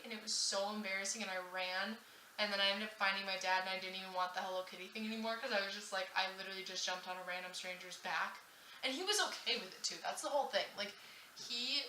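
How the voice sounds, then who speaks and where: A woman's voice: mid-range voice, sharp tone, slight background noise. A young woman answering questions in a casual vlog, rambling and self-mocking as she tells stories. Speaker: vlogger. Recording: roomy echo, slightly distant from mic.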